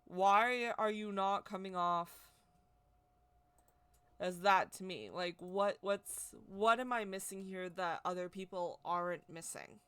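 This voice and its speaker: A woman vlogger chatting straight to camera about a personal experience. Her voice sits at an ordinary middle pitch and sounds dry and close, with no room echo. She rambles, piles on "like," and gets excitable as she retells the story. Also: clean tone. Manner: chatty, rambling, heavy use of "like". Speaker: witchcraft vlogger.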